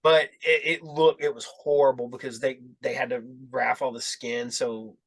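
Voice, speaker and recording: A man's voice: medium pitch, flat delivery, normal speed, fairly bright tone, breathy edge. A man hosting a podcast, chatting casually, telling a rambling story in which he acts out quotes and swears now and then. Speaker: podcast host. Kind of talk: casual chat.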